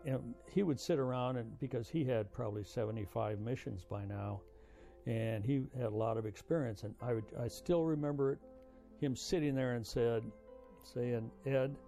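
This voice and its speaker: An older man, a veteran, recounting his memories in a halting, reflective way with frequent "uh" fillers. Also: mid-range voice, gravelly, warm tone. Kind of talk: oral history storytelling. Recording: music playing under voice. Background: music.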